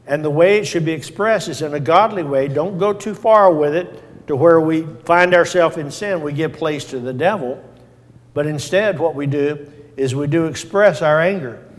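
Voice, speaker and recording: A man's voice: on the high side, moderate pace. A man preaching a sermon in a folksy, plain-spoken way, repeating his points and working in small fillers. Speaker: pastor. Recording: long hall reverb.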